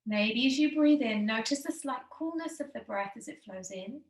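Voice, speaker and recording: A woman with a slightly high voice leads a guided breathing session, speaking slowly and soothingly. Her gentle instructions carry a noticeable room echo. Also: animated. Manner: slow, soothing, gently encouraging.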